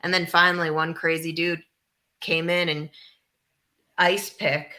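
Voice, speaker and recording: A woman's voice: lowish voice, little pitch movement, a little slow, pushed and bright. A woman co-hosting a comedy podcast, chatting casually and wryly, rambling through stories over a remote call. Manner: wry, rambling storyteller. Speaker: podcast co-host. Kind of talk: casual chat. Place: home in Mexico City.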